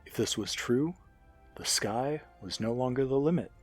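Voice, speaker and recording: A man narrating a science fiction story with an expressive, animated reading. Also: mid-range voice, moderate pace, slightly rough, faint music behind.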